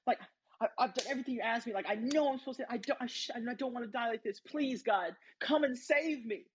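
A man voicing a desperate young male surfer pleading to be saved, with a husky voice. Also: extremely high pitch, quick pace, pitched above the performer's own voice. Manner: pleading, frantic.

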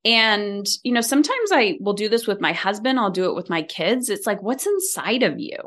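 A woman's voice: mid-range voice, normal speed. A middle-aged woman, a leadership coach, talking as a podcast guest and acting out quoted lines as she tells stories. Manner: animated storytelling, acts out quoted lines. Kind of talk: conversational interview.

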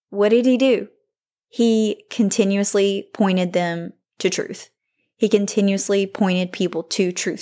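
A woman's voice: mid-range voice, a little mellow. Candid Christian podcaster woman in her thirties. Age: 30s. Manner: candid and reflective, with frequent "like" fillers. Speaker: podcast host. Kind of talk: faith-based podcast monologue.

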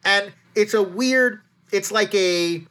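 Bright-voiced animated podcast host. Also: male voice, high voice. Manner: fast, animated, many restarts. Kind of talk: casual chat.

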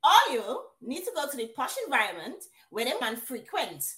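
A woman's voice: fairly high pitch, very animated, moderate pace, pushed and bright, recorded from a distance. A woman putting on a Grenadian accent to voice a brash woman commenter, in an echoey room a bit off-mic. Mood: sassy.

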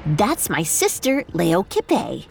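A woman's voice: fairly low pitch, wildly swooping pitch, slow, creaky, darkish tone, a little hiss or hum, full character voice. A woman voicing a princess turned into a bat, speaking with forced cheer and resignation in a storybook tale. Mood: explaining.

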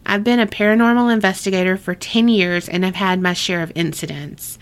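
A woman's voice: mid-range voice, fairly even intonation, fairly quick, clean tone. A woman co-hosting a podcast, reading listener ghost stories aloud in a casual, chatty way and laughing often. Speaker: podcast co-host.

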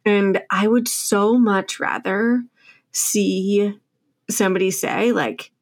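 A woman's voice: mid-range voice, steady tone, slow. A woman in her thirties, a book author, talking candidly and chattily as a podcast guest and laughing often. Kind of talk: casual podcast conversation.

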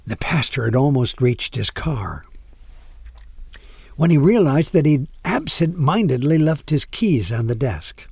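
A man tells a sentimental story slowly and expressively, with dramatic pauses. His voice is breathy and a little high for a man. The sound is dry and close. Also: darkish tone, dry recording. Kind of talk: storytelling narration.

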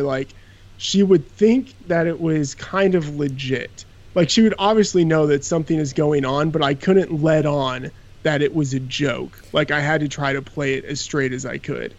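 Male podcast guest, casual and self-deprecating, rambles with fillers, slightly higher voice. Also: normal speed, highs cut off.

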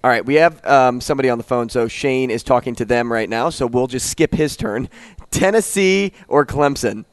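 A man co-hosting a sports radio show, running briskly through a list of bowl games in casual chat. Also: mid-range voice, clean tone.

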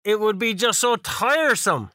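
A man co-hosting a podcast in casual chat, animated and laughing, swearing freely. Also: high-pitched, normal speed, no echo, studio quality. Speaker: podcast co-host.

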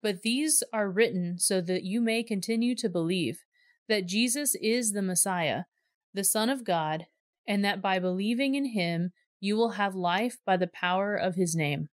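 A woman reading a Bible passage aloud in a clear, measured storytelling voice. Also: medium pitch, no room sound, studio quality. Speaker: scripture reader.

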